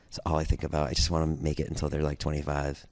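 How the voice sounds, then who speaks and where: A man's voice: a bass voice, rapid-fire. A man co-hosting a podcast, telling a story in casual chat and acting out the other people's lines as he goes. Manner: animated storyteller, acts out quotes. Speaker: podcast co-host.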